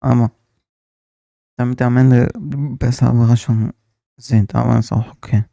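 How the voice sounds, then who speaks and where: Gravelly, dark-voiced male streamer. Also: medium pitch, fairly even intonation, moderate pace, no echo, studio quality. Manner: chatty asides while watching. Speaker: streamer reacting to a video. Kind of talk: casual live reaction commentary.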